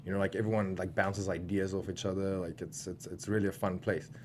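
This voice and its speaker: South African guest, young man, low-ish voice, rapid chatty delivery, laughs a lot. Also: little pitch movement, a little mellow, a little hiss or hum. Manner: quick, chatty, laughs often, many restarts. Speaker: guest, professional wrestler. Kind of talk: casual interview chat.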